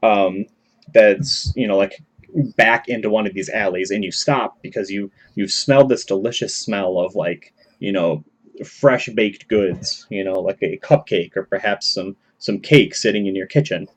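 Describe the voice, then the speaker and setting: A man's voice: fairly low pitch, moderate pace. A man narrating a tabletop game as game master, talking loosely with many fillers. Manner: rambling, many fillers and restarts.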